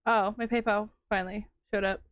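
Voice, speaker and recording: A woman's voice: medium pitch, little pitch movement, brisk, no room sound, highs cut off. A woman streamer chatting casually with her live chat while winding yarn, laughing often and reacting to comments.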